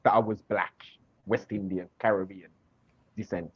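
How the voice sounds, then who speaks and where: A man with a Birmingham accent, a guest in a casual chat, speaking in a measured, emphatic way. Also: sits low, fairly even intonation, a crowd in the background. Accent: Birmingham English. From England. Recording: dull lo-fi call audio.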